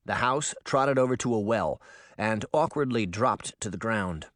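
Male audiobook narrator with an animated, expressive delivery and a dry close-mic sound. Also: lowish voice, unhurried, no room sound. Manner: expressive, lively reading. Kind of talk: scripted storybook narration.

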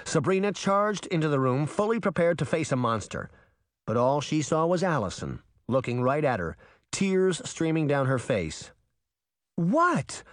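A narrator reading a fantasy story aloud in an expressive storytelling manner. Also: mid-range voice, normal speed, no echo, clean studio sound. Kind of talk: audiobook narration.

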